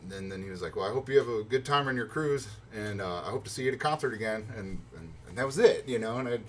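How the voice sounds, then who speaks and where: A man's voice: fast talker, a little hiss or hum. A man telling a long personal story in a casual, rambling way, full of fillers and restarts, acting out his own reactions. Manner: excited, acts out his own reactions in higher pitch. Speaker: vlogger.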